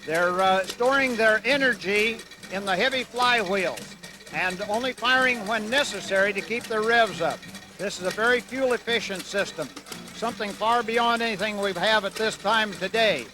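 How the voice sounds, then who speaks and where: A man being interviewed outdoors at a fair beside running machinery. His voice sits fairly high for a man. He answers in a plain, matter-of-fact way, patiently explaining how things work. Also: moderate pace, music in the background. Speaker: antique engine club member.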